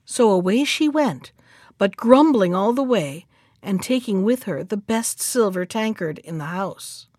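A woman storyteller reading a fairy tale aloud in a measured, clear way. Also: medium pitch, expressive, a little mellow, no room sound, clean studio sound. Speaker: storyteller and podcast host.

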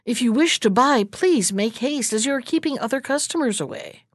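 A woman's voice: fairly high pitch, lively intonation, moderate pace, no echo, clean studio sound. Woman doing a firm market mother. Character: weary working mother at a herb stall.

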